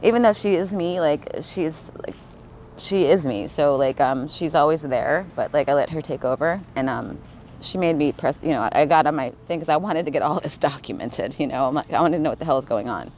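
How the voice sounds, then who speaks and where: A woman's voice: low voice, brisk, a little mellow, slight background noise, rough recording. A woman vlogging in a rambling, casual way, swearing freely, laughing often and smoking while she talks. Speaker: spiritual vlogger.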